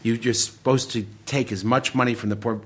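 Husky-voiced man telling stories. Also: medium pitch, fairly quick. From Detroit area, USA. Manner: animated anecdotes with acted quotes. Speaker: filmmaker guest. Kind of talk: casual storytelling.

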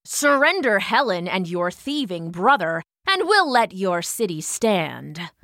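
A woman's voice: medium pitch, big pitch swings, takes it slowly, a bit bright, no room sound, clean studio sound. A woman voicing a fierce, scowling Greek hero who growls menacingly.

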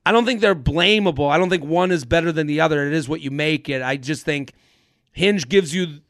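A young man hosts a relaxed podcast chat, his voice pitched high with a gravelly edge. He rambles through stories, backing up and restarting his sentences. The sound is dry and close. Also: a little fast, dry recording. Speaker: podcast host.

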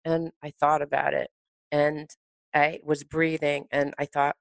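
A woman tells a personal story in a lowish voice, recorded close and dry. She is animated and laughs easily. It has the feel of a friendly podcast chat. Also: moderate pace, no room sound. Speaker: radio host and podcast guest. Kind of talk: conversational storytelling.

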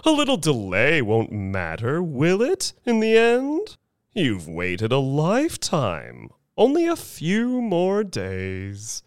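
Casting: man playing an oily, serene showman, slow and silky, storybook reading. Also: fairly high pitch, wildly swooping pitch, no echo, studio quality, voice pushed up, exaggerated voice. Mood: soothing. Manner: oily, soothing, drawn-out. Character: smooth serene male con-man showman.

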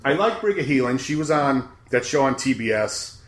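A man's voice: medium pitch, moderate pace. Middle-aged male podcast co-host, wry and foul-mouthed, echoey room. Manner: profane, wry and animated. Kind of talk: casual chat, TV season preview.

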